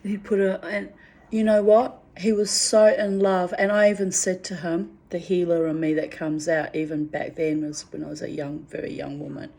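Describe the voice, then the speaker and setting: Frank, rambling middle-aged woman, lowish voice. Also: flat delivery, moderate pace, gravelly, a little mellow. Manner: rambling, frank, swears freely, restarts often. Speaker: vlogger recounting personal memories. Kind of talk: candid spoken reflection.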